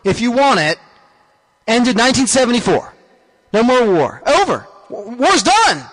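A man's voice: very high voice, very animated, measured pace, a bit bright, rough recording. A man delivering a comedic, sarcastic ranting monologue as a host.

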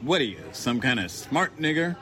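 A man's voice: medium pitch, sing-song, normal speed, bright, forceful tone, pitched above the performer's own voice. A man voicing a sneering, bullying hard-hat worker. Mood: hostile. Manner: sneering, threatening taunts. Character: hostile hard-hatted male worker, bullying and contemptuous.

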